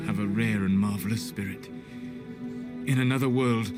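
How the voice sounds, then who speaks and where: A gentle elven mage, voiced by a man speaks in a very deep voice, soft, measured and formal. It is video game dialogue with strong orchestral music swelling beneath it. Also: fairly even intonation, natural voice. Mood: tender regret. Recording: game audio under loud music.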